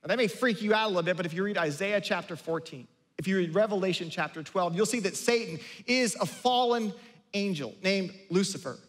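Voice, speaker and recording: A male pastor delivers a sermon in a high, light voice. He talks in a loose, conversational way, restarting phrases and acting out quotes with lively energy. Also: a little fast. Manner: conversational, animated, with repeated restarts and acted-out quotes. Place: church sanctuary.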